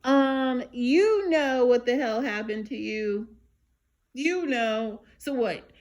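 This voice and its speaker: Woman vlogger, unhurried casual recap, chatty and wry. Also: fairly high pitch. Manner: animated, chatty, with many fillers and side comments.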